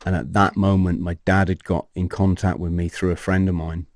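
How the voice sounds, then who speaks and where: A man, a podcast guest telling his personal story in an animated way, swearing and acting out scenes. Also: deep voice, normal speed, no room sound, studio quality.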